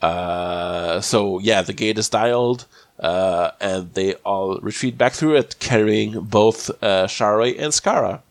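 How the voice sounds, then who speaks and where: Lowish-voiced man with a cold. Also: no room sound. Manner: rambling, halting, many restarts. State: slightly sick with a cold. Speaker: podcast host. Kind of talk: casual episode recap.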